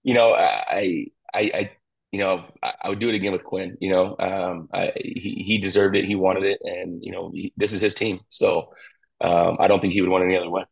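A middle-aged man, a college pitching coach, talking casually in an interview and rambling with lots of fillers and restarts. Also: steady tone, fairly quick, vocal fry, slightly rough, poor audio.

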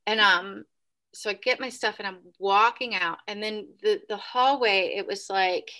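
A woman recounts a spooky hotel stay in relaxed, rambling talk, leaning on "like" and "right?". Her voice is bright and clear at a middling pitch, and she jumps high when she acts out a cry or a quote. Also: unhurried. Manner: animated, acts out quotes with sudden high bursts; many fillers like "like" and "right?". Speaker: podcast guest. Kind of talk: casual storytelling.

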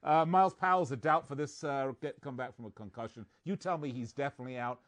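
A man hosting a sports betting podcast, reading stats and teasing his co-host in casual chat. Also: medium pitch. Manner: joking, reads stats quickly.

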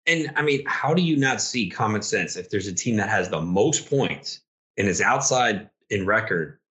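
A man's voice: on the low side, lively intonation, moderate pace, a bit bright. A young man co-hosting a casual podcast chat, ranting heatedly as a league commissioner.

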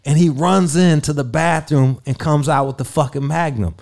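A man telling a story in casual podcast chat, rambling and swearing constantly, animated and comic, full of fillers. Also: fairly high pitch, moderate pace, vocal fry. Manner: profane, rambling, lots of fillers.

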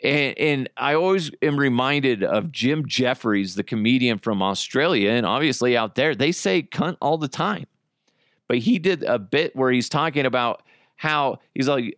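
A man's voice: medium pitch, expressive, unhurried, a bit bright, dry recording, studio quality. Profane, rambling man hosting a podcast. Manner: profane, rambling, frequent laughter. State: high on cannabis. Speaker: podcast host. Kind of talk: rambling solo podcast monologue.

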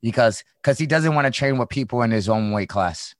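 A young Midwestern man, a former fighter, hosts a casual podcast chat in a lively mid-range voice, speaking a little fast. He rambles through stories, swearing and laughing as he goes.

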